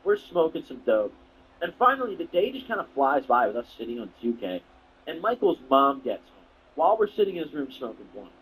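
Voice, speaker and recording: A man's voice: on the high side, big pitch swings, brisk, fairly bright tone, slight background noise, low-quality recording. A young man talking casually to camera, telling a rambling, profane, slang-heavy story as a video creator.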